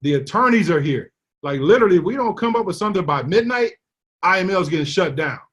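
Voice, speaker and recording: A man tells his team a business story. He slips into the voices of the people he quotes, full of animated energy. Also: sits high, quick pace, breathy edge. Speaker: network marketing leader.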